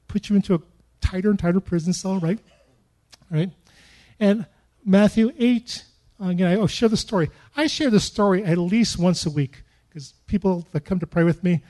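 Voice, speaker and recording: A middle-aged man preaching a sermon, telling stories and acting out his own prayers with lively, animated delivery. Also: high voice. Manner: animated storytelling with acted-out prayers. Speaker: pastor.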